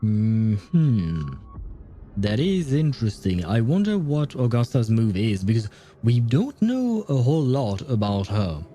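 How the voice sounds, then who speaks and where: A man's voice: mid-range voice, big pitch swings, measured pace, mellow, soft background music. A man commenting on a game on a livestream, chatty and hesitant with frequent laughs. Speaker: livestream host. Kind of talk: gameplay commentary.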